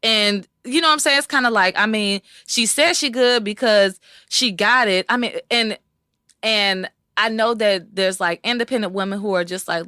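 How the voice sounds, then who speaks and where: A young woman co-hosting a podcast, telling stories in a casual, animated way and acting out the people she quotes. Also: mid-range voice, moderate pace, no echo, studio quality. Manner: animated storytelling, acts out quoted voices. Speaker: podcast co-host. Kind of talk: casual conversation.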